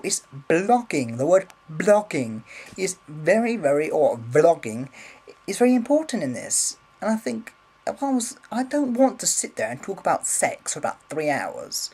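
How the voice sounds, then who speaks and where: A man's voice: high-pitched, big pitch swings, normal speed, darkish tone, slightly rough, poor audio. A man rambling casually in a vlog, swearing freely, filming on a handheld camera. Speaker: vlogger.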